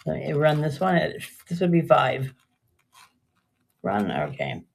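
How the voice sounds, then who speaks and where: A woman's voice: low-pitched, very animated, unhurried, creaky, breathy edge. An older woman chatting casually and rambling through a live jewelry sale, often trailing off mid-sentence. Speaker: live-stream jewelry seller.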